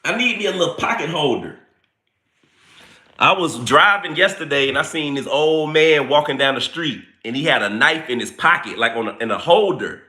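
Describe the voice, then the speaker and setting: A man hosts a casual livestream with a very bright, forceful voice. His pitch swings lively as he greets viewers one by one. He talks in a playful, chatty, informal way. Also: normal speed. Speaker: livestream host greeting chat.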